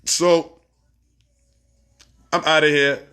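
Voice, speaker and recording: A man with a Barbadian accent hosting a casual livestream, reading viewer comments and giving shout-outs in a laid-back, profane, laughing way. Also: on the high side, level tone, extremely slow, clean tone. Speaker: livestream host.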